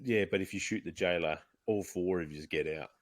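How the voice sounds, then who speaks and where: A man co-hosting a casual gaming podcast, telling animated stories about online matches. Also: sits low, fairly quick, dry recording, studio quality. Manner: animated storyteller who acts out other players' voices. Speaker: podcast co-host.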